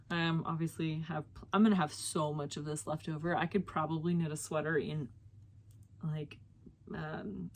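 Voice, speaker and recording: Chatty young woman vlogging her knitting. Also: lowish voice. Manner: chatty, lots of fillers and self-corrections. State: slightly out of breath. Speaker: knitting podcast host. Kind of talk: casual chat to camera.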